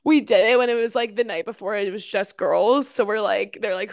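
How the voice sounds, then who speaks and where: A woman's voice: mid-range voice, brisk, no room sound, clean studio sound. A woman in her twenties co-hosting a podcast, telling stories in a chatty way and laughing often. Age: 20s. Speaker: podcast co-host. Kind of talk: casual chat.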